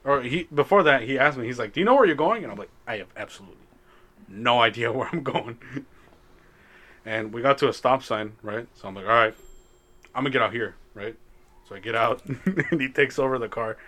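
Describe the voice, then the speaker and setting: Bright-voiced young man telling a story. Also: medium pitch, fairly quick. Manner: laid-back storytelling, laughs often, swears casually. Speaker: podcast co-host. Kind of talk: casual chat.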